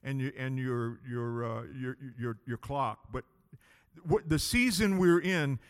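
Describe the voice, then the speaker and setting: A man preaching a sermon as pastor, impassioned, swinging between loud declarations and hushed pleading. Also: medium pitch, slow, clean tone, long reverb tail.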